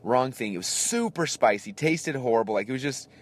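A man in his thirties hosting a podcast, telling a story in a casual, animated way and acting out the people in it. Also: mid-range voice, a little fast. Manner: animated, acts out voices in anecdotes. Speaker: podcast host.

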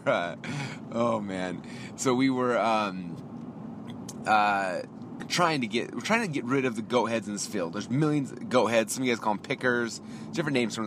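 A man in his thirties tells a story on his podcast in a loose, ranting way, playing out both sides of the talk. His voice sits on the low side. A faint noise runs underneath. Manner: animated ranting, quoting himself and others in dialogue. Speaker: podcast host. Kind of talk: casual storytelling rant.

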